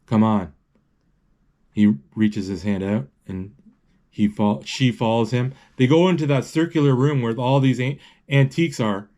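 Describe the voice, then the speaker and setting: A man giving a halting, live play-by-play of a movie as he watches it, full of restarts and self-corrections. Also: mid-range voice, dark tone. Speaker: movie describer.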